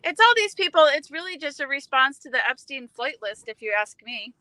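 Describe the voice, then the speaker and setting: A woman's voice: sits high, sing-song, brisk, bright, forceful tone, no room sound. A woman guest in a casual conversation, agreeing often with short affirmations.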